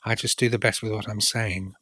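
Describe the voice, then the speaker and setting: A man answering an interview question in a thoughtful, halting way. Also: on the low side, steady tone, a bit bright, no echo.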